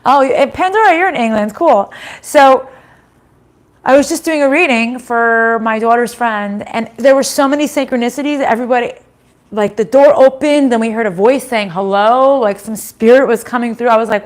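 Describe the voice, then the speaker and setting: A woman's voice: on the high side, moderate pace. A middle-aged woman giving a casual live-stream tarot reading from home, chatty, swearing now and then and laughing often.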